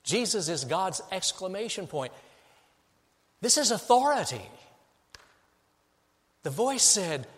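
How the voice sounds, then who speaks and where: Middle-aged male pastor, slightly high voice, dynamic sermon delivery, long hall reverb. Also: sing-song, slow, pauses often. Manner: dynamic preaching, swings from hushed to emphatic.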